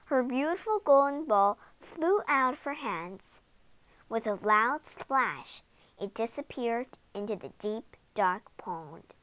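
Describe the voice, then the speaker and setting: A young reader introducing herself and reading a children's storybook aloud, giving the characters voices. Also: female voice, a little high, expressive, slow, fairly bright tone, no echo.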